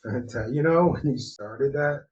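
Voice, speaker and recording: A man's voice: mid-range voice, a little slow, darkish tone. A man from New Jersey co-hosting a podcast, telling stories in a loose, slangy way. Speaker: co-host. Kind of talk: casual podcast chat. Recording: muffled, lo-fi audio.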